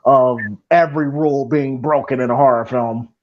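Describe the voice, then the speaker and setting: A man co-hosting a casual movie commentary podcast, profane and excitable, rambling with lots of fillers. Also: medium pitch, normal speed, highs cut off, a little hiss or hum. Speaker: podcast co-host.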